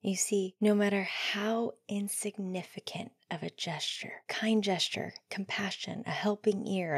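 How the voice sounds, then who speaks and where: A woman hosting a solo podcast, talking earnestly and often dropping into soft near-whispers. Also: medium pitch, breathy edge, dry recording, studio quality. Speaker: podcast host.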